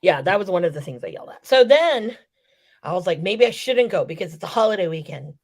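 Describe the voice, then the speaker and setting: A woman's voice: on the low side, very animated, fairly quick, a little mellow. A woman in casual podcast chat, telling a story with profanity and acting out the quotes. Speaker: wrestling podcast co-host.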